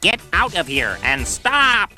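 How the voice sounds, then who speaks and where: Man doing a lively eccentric inventor. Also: medium pitch, moderate pace, faint music behind. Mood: lecturing. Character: eccentric inventor teaching grammar. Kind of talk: 1980s educational video acting.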